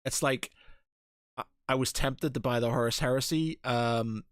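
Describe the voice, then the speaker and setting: A man's voice: mid-range voice, measured pace, clean tone, no echo, clean studio sound. A man co-hosting a podcast in casual chat, rambling with many fillers and restarts. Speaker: podcast co-host.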